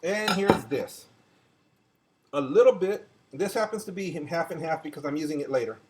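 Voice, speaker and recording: A man's voice: high voice, background noise. A chatty older man hosting a casual home cooking demonstration in his kitchen, talking viewers through each step as he works. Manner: chatty, talks to viewers as he cooks. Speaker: home cooking show host.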